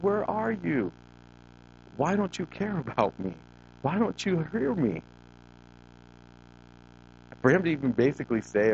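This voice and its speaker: A male pastor delivers his sermon in a voice of ordinary pitch, pushing his lines up with sudden emphatic lifts. He drags out key words for weight. The recording sounds muffled and lo-fi, with a faint hiss underneath. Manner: preaching with emphatic rises and drawn-out words. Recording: dull lo-fi recording with faint noise.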